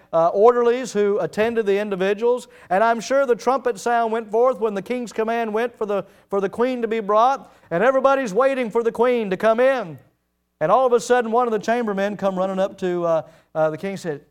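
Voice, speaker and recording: A man's voice: high voice, brisk, clear, resonant tone. A middle-aged man preaching a sermon, retelling Bible stories and acting out the quoted lines. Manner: storytelling, acts out the quoted lines.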